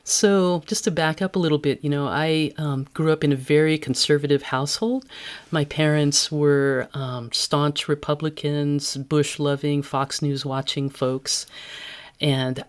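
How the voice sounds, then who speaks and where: A woman-voiced podcast guest telling personal stories candidly and reflectively, laughing easily. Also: extremely low pitch. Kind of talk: personal storytelling in interview.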